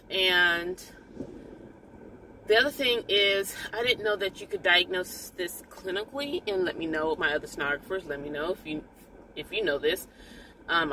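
A woman's voice: lowish voice, a little hiss or hum, low-quality recording. A woman talking casually to her viewers as an ultrasound technologist, telling stories about her patients in a chatty way. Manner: chatty storyteller, animated when quoting patients. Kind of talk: casual vlog chat.

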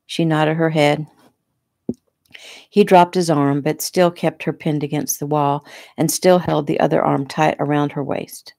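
A woman reads her own novel aloud in a relaxed, conversational way, as if sitting in the room with the listener. Her voice is low and gravelly, and the recording is close and dry. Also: measured pace, no echo. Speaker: author reading her own book. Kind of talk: casual audiobook narration. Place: home room.

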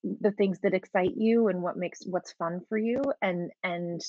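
A woman's voice: lowish voice, steady tone, a little slow, dry recording, highs cut off. A woman game master chatting casually about running her campaign, laughing often and restarting her sentences. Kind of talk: casual talk-show chat.

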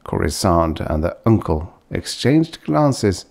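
A man's voice: sing-song, slow pace, vocal fry, a little mellow. A man reading a vintage science fiction short story aloud, shifting his voice for the characters. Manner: voices characters with raised pitch. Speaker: audiobook narrator.

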